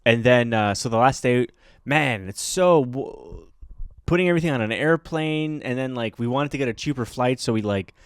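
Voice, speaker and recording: A man's voice: medium pitch, no echo, studio quality. A man from Canada co-hosting a podcast, telling stories in a rambling, hesitant way full of fillers. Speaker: podcast co-host. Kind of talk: casual chat.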